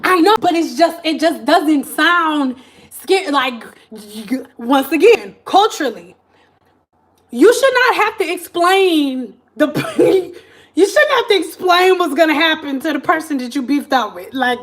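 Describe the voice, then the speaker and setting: A woman with a Detroit accent telling a story to her live-stream viewers in a casual, animated way, laughing often and acting out the voices of people she quotes. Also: sits high, unhurried.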